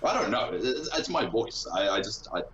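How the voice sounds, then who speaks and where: A man's voice: lowish voice, big pitch swings, a little fast, a bit bright, slight background noise. A man guesting on a casual podcast, talking in a sarcastic, self-deprecating way with an accent. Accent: non-local accent, origin unstated. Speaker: guest streamer. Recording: roomy, dull lo-fi sound with faint ambience.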